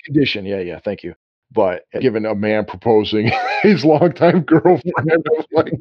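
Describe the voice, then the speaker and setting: A man co-hosting a relaxed film chat in a dry room with no echo. His talk rambles and restarts, and he keeps slipping into quoted dialogue. The sound is a little dull and lo-fi. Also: lowish voice, moderate pace, breathy edge. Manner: rambling, self-interrupting, acts out quotes. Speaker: podcast co-host. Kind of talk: casual film discussion.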